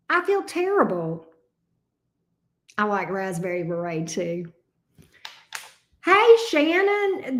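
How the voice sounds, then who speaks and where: Sleepy lady chatting on a stream, kinda high voice, echoey room. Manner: drawling and affectionate, sleepy, calls viewers love bug and honey. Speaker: tarot reader. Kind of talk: casual livestream chat. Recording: roomy echo.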